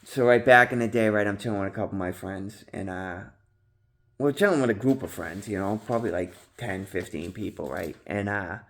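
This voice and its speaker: A man talking casually to his viewers about recovery, rambling with slang, swearing and many fillers, jumping loud and high when he acts out his own past yelling. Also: a little fast. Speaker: vlogger in recovery. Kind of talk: casual monologue to camera.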